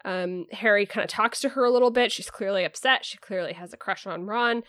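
A woman's voice: mid-range voice, fairly quick, fairly bright tone, no echo. A woman podcast host giving a casual, rambling recap of a book chapter, full of "um" and "like". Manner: rambling, filler-heavy, lots of "like" and "um".

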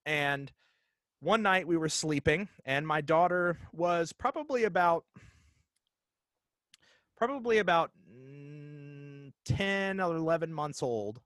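A man in his thirties telling a ghost story in casual chat, animated and halting, with lots of fillers and restarts. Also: a little high, dry recording.

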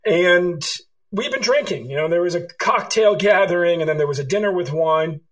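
This man's voice sits high and moves at normal speed, though the audio is poor. He's a middle-aged author from California, a guest in an interview whose answers are stories told with animation and acted-out dialogue.

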